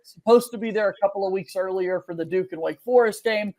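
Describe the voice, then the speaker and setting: High-voiced male co-host, rambling casual game recap with fillers. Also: fairly quick, darkish tone. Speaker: podcast co-host.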